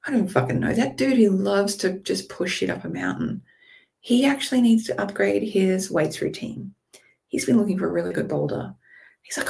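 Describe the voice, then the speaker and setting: A woman leading a guided visualization in a drifting, playful way, moving between calm imagery and casual swearing. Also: mid-range voice, moderate pace, vocal fry. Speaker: meditation guide.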